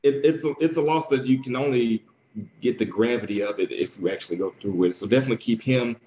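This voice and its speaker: A man hosting a radio talk show, soft-spoken, reading listener comments aloud. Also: mid-range voice, fast, a little hiss or hum, low-quality recording. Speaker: radio host.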